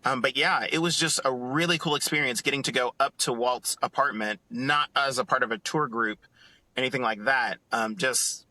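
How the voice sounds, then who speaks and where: A man on a casual podcast, telling a story in an animated, excited way and acting out what others said. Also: mid-range voice, moderate pace, no room sound. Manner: animated, acts out quotes in other voices. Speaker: podcast co-host.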